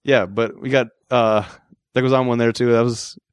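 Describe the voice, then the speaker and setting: A man co-hosting a casual podcast movie review, relaxed and hesitant, with many fillers. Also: mid-range voice, moderate pace, smooth, no room sound, clean studio sound. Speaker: podcast co-host.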